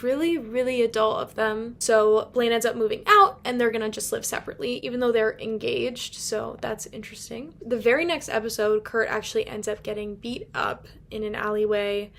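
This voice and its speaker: A woman's voice: fairly high pitch, steady tone, brisk, vocal fry, hardly any pauses, a bit bright. Chatty young woman gushing as a fan. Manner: casual swearing. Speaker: video essay creator. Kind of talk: casual commentary video essay.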